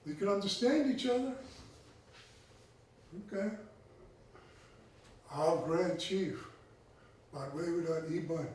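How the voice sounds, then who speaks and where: A man's voice: fairly high pitch, darkish tone, slight background noise. A man who is a tribal chief giving a conversational talk, often checking in with his listeners. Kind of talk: conversational lecture. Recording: echoey room, mic far off.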